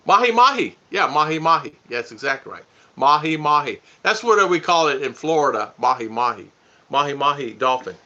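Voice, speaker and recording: A man's voice: medium pitch, lively intonation, a little fast, bright, forceful tone. A man co-hosting a casual live stream, joking with his wife and greeting viewers by name. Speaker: vlog co-host. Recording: dull lo-fi sound.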